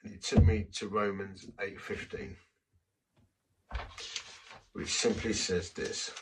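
A man's voice: fairly low pitch, steady tone, takes it slowly, far from the mic, noisy background. A man preaching a sermon, telling a personal story in a conversational, self-deprecating way.

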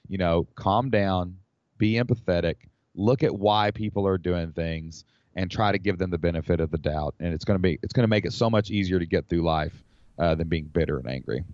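A man from the United States, a podcast guest, telling a personal story in an animated, rambling way with lots of fillers. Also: low-pitched, no echo. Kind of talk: casual storytelling. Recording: slightly dull dry recording.

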